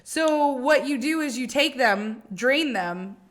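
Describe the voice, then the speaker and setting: A woman's voice: high-pitched, animated, slow, a bit bright. A young woman co-hosting a podcast, telling rambling stories in casual chat, swearing and laughing often. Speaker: podcast co-host.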